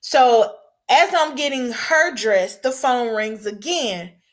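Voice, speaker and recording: Slow-spoken woman telling a story. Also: fairly high pitch. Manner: unhurried and candid, with hushed pauses and sudden raised outbursts. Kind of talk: personal storytelling.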